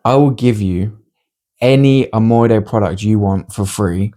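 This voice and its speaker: A man hosting a casual podcast, running a joke quiz in a teasing, deadpan way. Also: lowish voice, measured pace. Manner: teasing, deadpan quiz-master who breaks into laughter. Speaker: podcast host.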